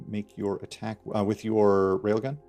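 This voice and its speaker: Guy gm for a tabletop game online, lowish voice, lots of ums and laughs, faint music behind. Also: measured pace. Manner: relaxed, laughing, filler-heavy narration. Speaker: game master.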